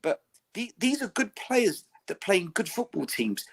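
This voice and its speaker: A man co-hosting a casual football podcast, making his point in an animated, argumentative way. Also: sits high, normal speed, creaky, breathy edge. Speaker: podcast co-host. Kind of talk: casual fan podcast chat.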